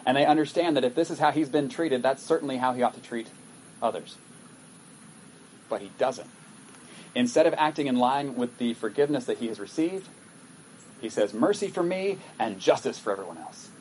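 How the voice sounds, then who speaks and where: A man's voice: medium pitch, lively intonation, moderate pace, long pauses, a little mellow, a little hiss or hum, poor audio. A male pastor giving a sermon in a conversational way, reading scripture aloud and breaking off to comment on it. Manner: conversational, reads scripture aloud with acted asides.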